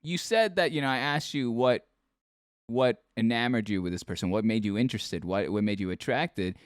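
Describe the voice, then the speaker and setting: A man hosting a casual interview podcast, asking questions in lively bursts with frequent restarts. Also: medium pitch, normal speed, no room sound, studio quality. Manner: animated, talks in bursts with restarts and laughs. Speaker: podcast host.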